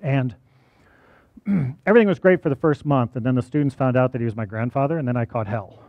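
A man's voice: mid-range voice, brisk, no echo. College teacher guy talking to a crowd, chatty, keeps saying right?, kinda dull dry sound. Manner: conversational, often asks "right?". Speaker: college teacher giving a talk. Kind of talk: personal talk to an audience.

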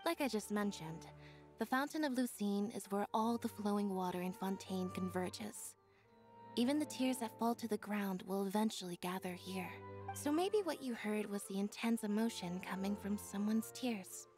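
Actress for a composed young game heroine, mid-pitched and quiet. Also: female voice, soft background music, lightly acted. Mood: calm. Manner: quiet, even, unhurried delivery. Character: calm young female stage magician's assistant.

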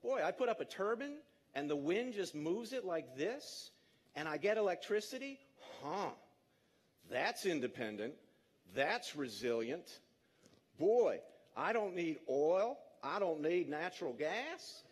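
A man voicing a shrewd, plain-spoken Midwestern farmer, musing in a slow folksy drawl. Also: high voice, sing-song, slightly rough, exaggerated voice.

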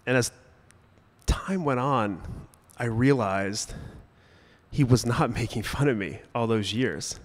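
Young adult male storyteller on a stage, easygoing delivery with comic timing and sharp bursts of emphasis. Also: medium pitch, takes it slowly, in a large hall. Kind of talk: personal storytelling to a live audience. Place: stage at a brewery event.

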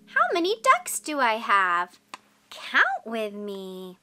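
A woman teaching toddlers in a slow, exaggerated sing-song voice, full of gasps, repeated words and encouragement. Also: a little high, wildly swooping pitch, bright, forceful tone. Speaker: children's teacher and host.

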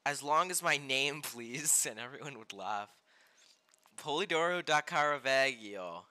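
Excitable young man streaming a game. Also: mid-range voice, measured pace. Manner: excitable, loud outbursts, reads game text aloud. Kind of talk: live gameplay commentary. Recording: game music behind voice.

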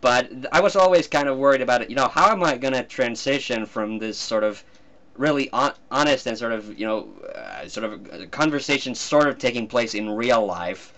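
A man's voice: mid-range voice, fairly quick, fairly bright tone. A man from Finland, a guest cartoonist talking in a casual commentary chat, hesitant and often breaking into laughs.

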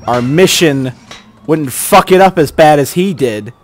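A man giving gameplay commentary, exasperated and swearing, yelling at the characters on screen. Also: on the high side, lively intonation, unhurried. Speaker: let's play host.

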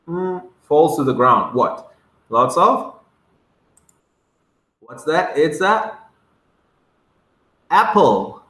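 A man leads a kindergarten vocabulary lesson, stretching each word and breaking it into sounds so small children can echo it back. His voice is raised in pitch, bright and bouncy, and he speaks at a very slow, deliberate pace. The sound rings in an echoey room. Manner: drawn-out, sounding words out, coaxing children to repeat. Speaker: English teacher for young children.

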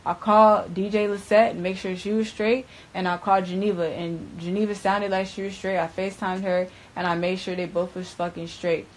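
A woman's voice: medium pitch, flat delivery, a little fast, few pauses, low-quality recording. A young adult woman from Broward County, Florida, telling a story as an interview guest. She talks in profane, slangy bursts and keeps saying "bruh.". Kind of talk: candid storytelling.

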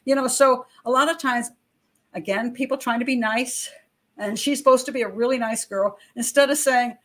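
This is a high-pitched woman talking at a moderate pace. An older criminal profiler running her own channel, she shares blunt, opinionated true-crime commentary straight to the audience, peppered with casual asides and rhetorical questions.

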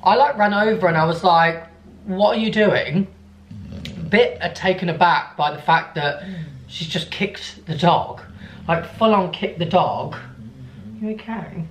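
A young man vlogging in a casual, animated way, telling an upsetting story. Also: a little high, normal speed, a little hiss or hum. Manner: animated, upset storytelling, cooing softly to his dog. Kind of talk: casual vlog chat. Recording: echoey room.

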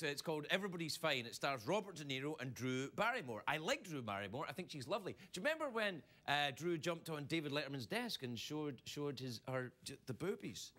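A man delivering a late-night comedy monologue as talk show host, joking and slipping into put-on voices. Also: fairly high pitch. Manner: animated joking with frequent laughs and put-on voices. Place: TV studio before a live audience. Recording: loud studio audience laughter and noise.

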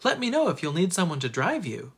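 A kind schoolteacher from a storybook, as a reader puts her on, friendly and reassuring. Her voice is husky and moves with a lively lilt. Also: medium pitch, fairly quick, pitched above the performer's own voice, heavily acted.

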